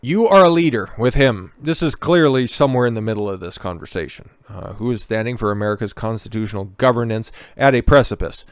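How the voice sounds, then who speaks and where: A man's voice: mid-range voice, expressive, fairly quick, hardly any pauses, clean tone, dry recording, clean studio sound. A man giving heated, profane and sarcastic political commentary, reading out news and then ranting back at it.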